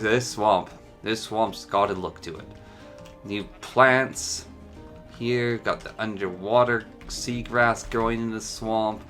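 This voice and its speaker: Bright-toned, chatty man showing off a game. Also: lowish voice. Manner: chatty and enthusiastic, muses aloud. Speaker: mod showcase narrator. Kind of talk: casual gameplay commentary.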